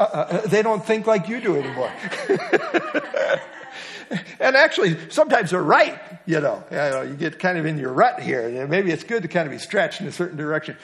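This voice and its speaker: A middle-aged man leads a small church Bible lesson in a relaxed, folksy way. His voice sits a little high for a man. He teases his class, trips over his words, and fills the pauses with small asides. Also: vocal fry. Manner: folksy, teasing, with filler and restarts. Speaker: discipleship class teacher.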